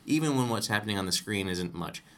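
A man's voice: lowish voice, animated, fast talker. A man co-hosting a podcast, chatting casually about a film, rambling and correcting himself as he goes. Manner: rambling, self-correcting, laughs easily. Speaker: podcast co-host. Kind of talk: casual movie discussion.

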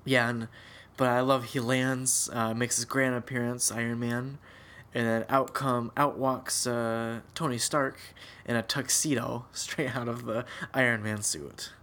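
A man's voice: medium pitch, little pitch movement, measured pace, fairly bright tone. A man co-hosting a podcast, chatting casually about a movie with jokes and many fillers. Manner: jokey, hesitant, many fillers. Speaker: podcast co-host. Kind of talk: casual movie recap chat.

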